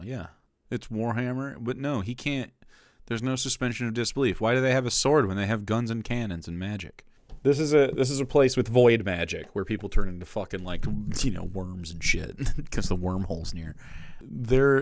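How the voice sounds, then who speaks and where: A man's voice: medium pitch, normal speed, dry recording. A man streaming a casual reaction commentary, profane and mocking, close to the mic.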